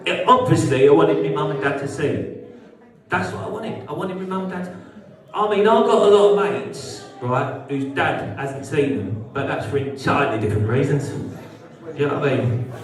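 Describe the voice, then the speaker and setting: A man's voice: on the high side, normal speed. A young British man doing a live stand-up routine in a social club, brash and sweary as he banters with the crowd. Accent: British English. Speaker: stand-up comedian. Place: social club comedy venue. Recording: roomy hall, heard from a distance. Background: audience laughter.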